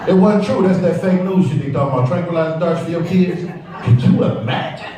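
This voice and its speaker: A man doing a stand-up comedy set, telling stories in a lively way and jumping loudly into quoted lines. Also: on the high side, a little fast. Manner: animated storytelling, loud jumps for quoted bits, frequent "you know what I'm saying". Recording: roomy live club sound, mic heard from a distance. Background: audience laughter and crowd noise.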